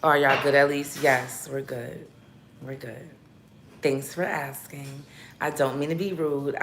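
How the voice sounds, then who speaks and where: A woman with a deep, gravelly, fairly bright voice hosts a casual livestream about battle rap, chatting with viewers in a blunt, profane, playful way. There's a little hiss or hum, and the room is roomy and echoey.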